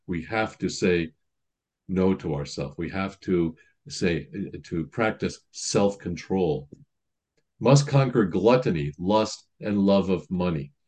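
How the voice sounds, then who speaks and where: A man's voice: sits low, animated, slow pace, darkish tone, husky. A man priest giving a sermon in a conversational teaching manner, reading quotations aloud and explaining them.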